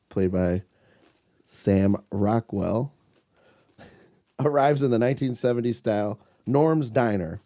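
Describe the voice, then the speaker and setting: A man with a very dark, mellow voice chats casually as a movie podcast co-host. He sounds enthusiastic, swears freely and often breaks into laughs. His pitch sits in an ordinary middle range. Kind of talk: casual movie recommendation chat.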